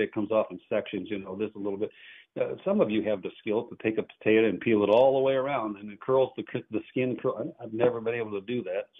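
Over tinny, phone-like radio audio, a man with a medium-pitched, slightly breathy voice hosts a call-in show as an antique auctioneer. His casual chat rambles and keeps interrupting itself.

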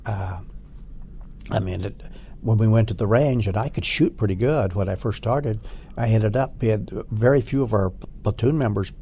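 An older veteran speaks in a low, gravelly voice, stopping and restarting his sentences as he remembers. A faint noise sits under the recording. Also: dark tone. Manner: halting, many restarts, emotional at times. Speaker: Marine Corps veteran interviewee. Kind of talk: oral history interview.

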